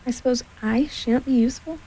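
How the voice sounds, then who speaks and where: A humble, simple-minded male bear from a storybook, mulling things over aloud, as a woman reading aloud voices him. The tone is mellow and warm, with a gravelly texture. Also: on the high side, a little fast, poor audio. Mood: musing. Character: humble, slow-thinking male teddy bear.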